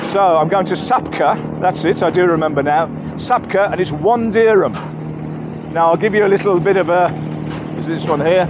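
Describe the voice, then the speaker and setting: A man's voice: sits high, normal speed, lo-fi sound, noisy background. Chatty English man vlogging outdoors. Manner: chatty, rambling, self-correcting. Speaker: travel vlogger. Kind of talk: walking tour commentary. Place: outdoors in busy market streets and a boat station.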